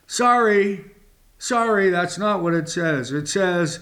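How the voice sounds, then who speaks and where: This man preaches slowly and deliberately, reading scripture aloud and unpacking it with dramatic emphasis, sometimes sinking to a whisper. His voice is high and expressive, with a fairly bright tone.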